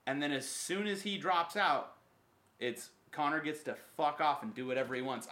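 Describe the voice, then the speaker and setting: A man's voice: on the high side, expressive, moderate pace, bright, forceful tone. A man hosting a casual podcast chat, emphatic and opinionated, swearing freely. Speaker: podcast host.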